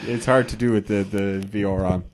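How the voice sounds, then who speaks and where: A man on the show's crew, amused and gently correcting the host. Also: fairly low pitch, steady tone, a little fast, slight background noise.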